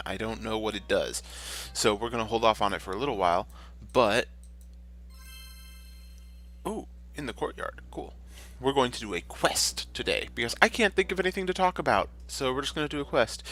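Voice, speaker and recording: With faint music in the background, this channel host talks through his gameplay at normal speed in an expressive, medium-pitched, slightly bright voice. The commentary is casual and jokey, wandering around as he frequently fixes his words mid-sentence.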